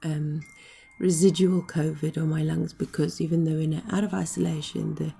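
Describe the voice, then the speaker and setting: A middle-aged woman recovering from illness, talking casually to camera, hoarse and short of breath, rambling and apologetic. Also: sits low, little pitch movement, normal speed, dark tone. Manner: rambling, apologetic, frequent ums.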